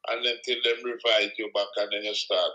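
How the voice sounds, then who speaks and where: A man's voice: lowish voice, flat delivery, fairly quick, bright, forceful tone, muffled recording. A man speaking Jamaican Patois, calling in and chatting in a friendly, teasing way. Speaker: caller. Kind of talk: casual phone chat.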